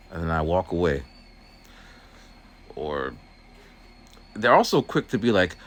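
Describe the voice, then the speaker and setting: A man's voice: deep voice, lively intonation, moderate pace, pauses often, fairly bright tone. A man who works as a teacher's aide, rambling through a casual story outdoors while walking and acting out voices. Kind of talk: casual walking vlog monologue.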